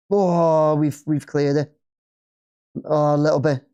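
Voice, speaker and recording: A man's voice: a little high, flat delivery, slow pace, pauses often, mellow, clear, resonant tone. A man with an English accent hosting a live football watch-along, chatting casually and cheering at the play.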